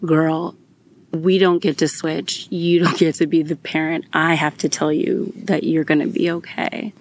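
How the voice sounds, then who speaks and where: A woman's voice: low-pitched, little pitch movement, measured pace, darkish tone. A young adult woman hosting a podcast, telling a personal story in a candid, emotional way and swearing freely. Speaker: podcast host.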